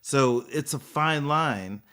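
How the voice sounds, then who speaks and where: A man's voice: medium pitch, slow pace, clean tone. A man co-hosting a podcast, chatting casually and acting out little scenes as he argues his point. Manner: animated, acts out little scenes. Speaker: podcast co-host. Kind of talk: casual chat.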